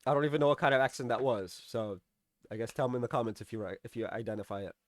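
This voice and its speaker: A man's voice: medium pitch, very fast, dry recording, clean studio sound. A man giving a casual, rambling review of a TV episode. He uses lots of fillers and restarts and acts out the characters' lines as he recaps.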